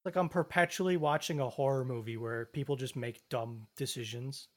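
A man's voice: mid-range voice, a little fast. A man in casual chat, recounting events in a laid-back, step-by-step way.

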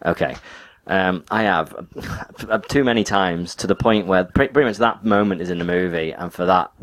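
A man's voice: low voice, normal speed, fairly bright tone. A man, co-hosting a podcast in casual, rambling chat with lots of restarts. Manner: rambling, laughs a lot, many restarts. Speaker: podcast co-host.

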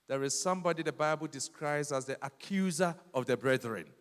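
A Ghanaian man preaching a sermon, switching between Twi and English and rising to loud declarations. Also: a little high, fairly quick, hardly any pauses. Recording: long hall reverb.

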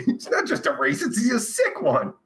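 Stuffy-nosed dude hosting a crude podcast, high voice bouncing all over, cussing and goofing on comments. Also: male voice, huge pitch swings, a little slow, creaky. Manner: profane, loud, jokey, swings between shouting and mumbling. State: stuffy nose. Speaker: podcast host. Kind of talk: crude casual chat reading viewer comments.

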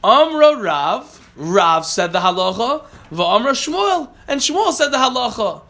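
A man's voice: very high-pitched, lively intonation, unhurried, vocal fry, pushed and bright. A man teaching a Talmud class, reading Aramaic phrases and then explaining them plainly, often catching and correcting himself.

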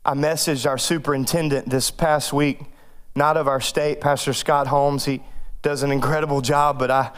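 A male pastor, telling a personal story in a sermon, animated and joking, with bursts of loud voices. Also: medium pitch, moderate pace, clean tone. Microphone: microphone.

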